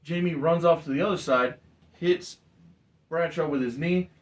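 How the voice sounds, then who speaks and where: A man narrating a wrestling match in casual play-by-play chat, acting out wrestlers' lines in animated storytelling. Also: on the high side, normal speed. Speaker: co-host, game narrator.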